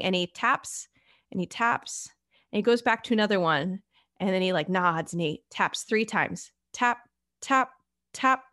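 A woman podcast host telling a story in a conversational way, acting out the characters' lines as she goes. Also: medium pitch. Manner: animated storyteller, acts out quoted characters.

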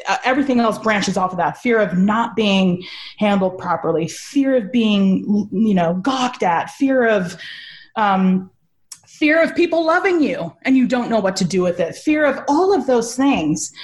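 A woman on a video call, slightly high-voiced, telling her story in an animated, emotional way. She laughs often and swears freely as she talks. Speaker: podcast guest.

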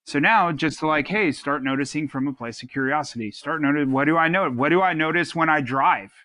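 A man with a bright, forceful voice, recorded dry and close, talks through advice on a casual podcast. He is earnest and rambles, restarting his sentences often. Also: on the high side, brisk, dry recording. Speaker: podcast co-host. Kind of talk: casual advice-giving talk.

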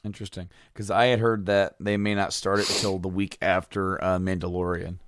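A man's voice: low voice, flat delivery, brisk, no room sound. A man co-hosting a podcast in casual chat, retelling stories in a rambling, enthusiastic way with many fillers. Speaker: podcast co-host.

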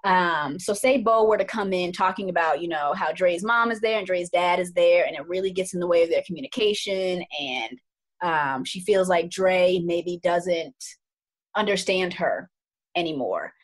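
A woman's voice: fairly low pitch, moderate pace. A woman couples therapist talking through her approach in a casual podcast chat, earnest and thoughtful, often repeating words for emphasis.

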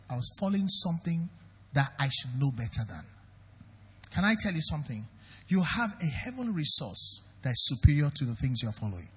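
Husky, high Nigerian pastor preaching. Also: male voice, a bit bright, big-room sound. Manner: emphatic, questions the congregation directly. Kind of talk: sermon.

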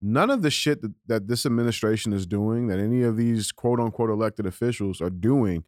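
A co-host with a low male voice chimes in with quick agreement and laughter, then argues his own points with plenty of swearing. The recording is dry and close. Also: a little mellow, dry recording. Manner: agreeable sidekick, quick affirmations, profane. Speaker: podcast co-host. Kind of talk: casual political talk.

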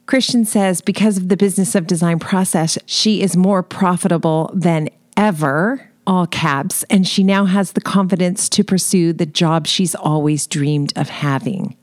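A woman's voice: lowish voice, moderate pace, few pauses, a little mellow, no echo, clean studio sound. A woman hosting a podcast, giving an upbeat, effusive scripted intro. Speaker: podcast host.

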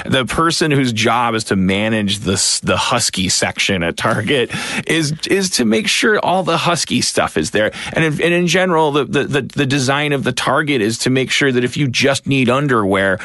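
A man co-hosting a casual podcast, talking in a bright, forward voice that rambles, restarts and piles up fillers. His rants turn self-mocking. The sound is close and dry, with no room around it. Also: medium pitch, expressive, moderate pace, no echo. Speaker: podcast co-host. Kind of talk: casual chat.

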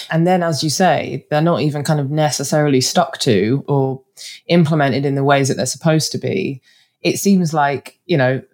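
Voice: medium pitch, a little mellow. A podcast host with a northern English accent asking questions in a chatty, self-deprecating way, full of fillers. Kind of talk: casual interview questions.

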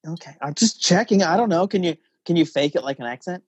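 A man hosting a casual podcast chat, joking and animated, laughing often. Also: a little high, fast talker, breathy edge, no echo, muffled recording. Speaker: podcast host. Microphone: podcast mic.

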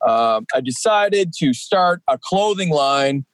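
A man's voice: fairly high pitch, animated, slow pace, dry recording, rough recording. A man in his forties, a professional wrestler guesting on a podcast, talking casually and rambling with many fillers and restarts. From Atlantic Canada.

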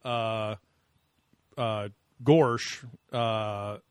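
A man's voice: fairly low pitch, fairly even intonation, drawn-out words, smooth, dry recording, clean studio sound. A man co-hosting a podcast in casual, crude banter, joking and laughing often between rambling asides. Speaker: podcast co-host.

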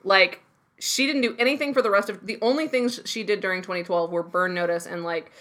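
A woman co-hosting a podcast, talking casually about a TV show in an animated, filler-heavy way. Her pitch sits in the middle range for a woman, and she swears freely as she riffs. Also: fairly quick. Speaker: podcast co-host. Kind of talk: casual TV episode recap chat.

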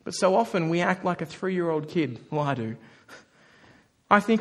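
Animated high-voiced preacher. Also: male voice, moderate pace. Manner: animated, acts out quoted voices. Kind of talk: sermon.

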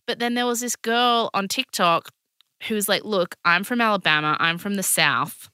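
A woman co-hosting a podcast, chatting in an animated way with lots of fillers. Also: medium pitch, moderate pace, smooth, dry recording, studio quality. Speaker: podcast co-host. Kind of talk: casual chat.

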